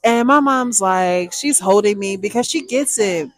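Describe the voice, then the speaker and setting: A young woman, telling a personal story to viewers in a lively, chatty way. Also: medium pitch, a little slow, no echo. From Texas, USA. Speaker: storytime vlogger.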